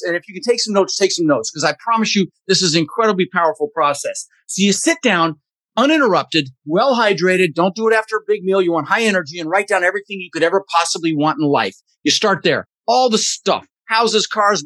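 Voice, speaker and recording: A man's voice: sits high, a bit bright, dry recording. A man talking as an interview guest, emphatic and motivational, blunt and a little profane. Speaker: podcast guest, real estate investor. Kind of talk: energetic interview talk.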